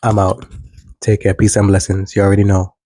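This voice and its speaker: A man's voice: sits low, completely flat delivery, fairly quick, dark tone, no echo, rough recording. A man vlogging casual spiritual advice, earnest and preachy, repeating phrases for emphasis.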